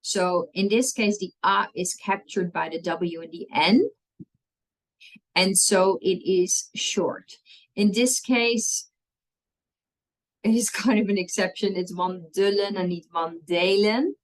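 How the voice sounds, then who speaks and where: A woman's voice: mid-range voice, slow pace, pauses often, rough recording. A woman, teaching a language lesson and patiently walking through spelling rules step by step, often checking in with "okay?".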